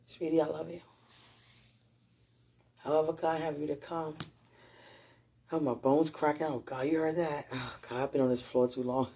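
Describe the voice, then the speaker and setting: Woman rambling from the heart to her man, dark mellow voice, breathy and raspy, praying in between. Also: low voice, fairly even intonation, moderate pace. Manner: prayerful asides to God. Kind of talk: emotional personal testimony.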